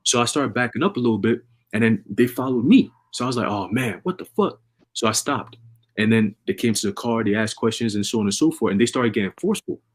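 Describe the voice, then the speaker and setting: A man casually preaching and telling a story on a religious livestream, with energetic, repetitive street talk full of slang. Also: medium pitch, fast talker, husky.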